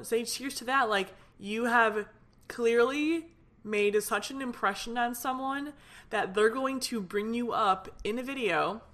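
A woman's voice: medium pitch, a bit bright. A young woman hosting her own solo podcast, talking in a fired-up, rambling way with lots of fillers. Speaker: podcast host. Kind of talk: casual solo podcast venting.

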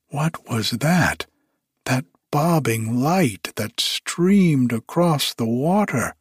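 A man reads a fairy tale aloud in a slow, measured storybook style. His medium-pitched voice is husky and his pace very slow. The recording sounds close and dry, without echo.

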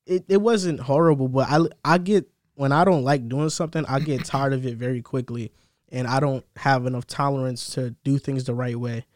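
A young man co-hosting a podcast, telling casual stories about past jobs with a relaxed, chatty manner. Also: mid-range voice, normal speed, dry recording, clean studio sound. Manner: relaxed storytelling with frequent "bro" and "like". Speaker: podcast co-host. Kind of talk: casual chat.

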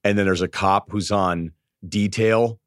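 A man chatting as a podcast guest, telling animated stories and acting out quoted lines. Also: fairly low pitch, a little slow, smooth, no echo, clean studio sound. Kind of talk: casual sports podcast chat.

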